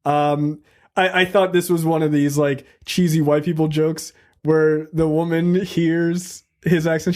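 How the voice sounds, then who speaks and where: A man hosts a casual movie review podcast, recapping a film's plot in a loose, profane, joking way. His voice sits on the high side with little pitch movement, a measured pace, and a darkish tone.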